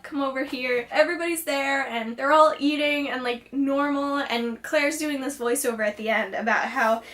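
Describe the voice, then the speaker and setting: A woman's voice: high voice, a bit bright. A young woman vlogger recapping a TV episode in a gushing, chatty way. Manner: gushing, fangirlish, many likes.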